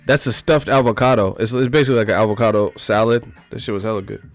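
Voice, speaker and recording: A man's voice: on the low side, steady tone, fast talker. A man hosting a live stream, chatting casually with his viewers in a joking, profane way and laughing often. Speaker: live stream host reading chat. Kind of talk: casual chat.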